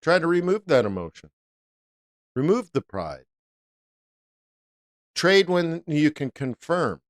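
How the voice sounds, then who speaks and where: A middle-aged man talks through a live trading session in a smooth, resonant voice that sits a little high for a man. He is animated and jokey, often bursting into loud playful bits between his points. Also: takes it slowly. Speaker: forex trader hosting a live stream.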